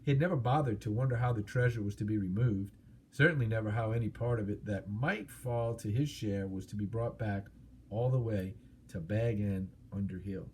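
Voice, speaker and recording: A man narrating an audiobook in a steady, expressive storytelling manner. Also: fairly low pitch, moderate pace, a little hiss or hum.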